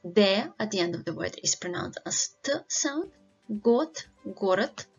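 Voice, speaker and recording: A woman language teacher giving a careful, deliberate lesson with slow pronunciation drills. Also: on the low side, expressive, husky. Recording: slightly dull, lo-fi audio with faint music.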